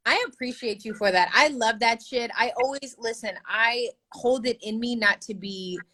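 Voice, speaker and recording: A woman's voice: a little high, moderate pace, a bit bright, rough recording. A woman in her thirties from the United States, hosting a casual chat show in a chatty, profane manner. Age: 30s. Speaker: podcast host.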